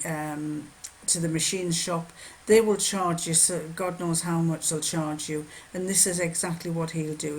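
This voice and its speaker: A woman's voice: low-pitched, darkish tone, slight background noise. An older woman from northern England, chatting casually in a rambling, anecdotal sewing vlog. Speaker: sewing vlogger. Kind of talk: casual chat.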